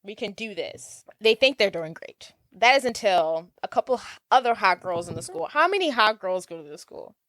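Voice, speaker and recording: A woman's voice: mid-range voice, moderate pace, hardly any pauses, dry recording. Giggly woman retelling a movie. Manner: giggly, animated storytelling with put-on voices. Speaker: podcast co-host. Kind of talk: casual chat, retelling a movie plot.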